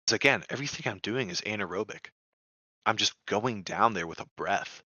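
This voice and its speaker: A man on a podcast telling a story casually, animated and profane, dropping quietly into narration and then bursting out in loud exclaimed lines. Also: on the low side, fairly quick, dry recording. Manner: loose and profane, heavy use of "like". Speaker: podcast guest. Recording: dry, dull lo-fi sound.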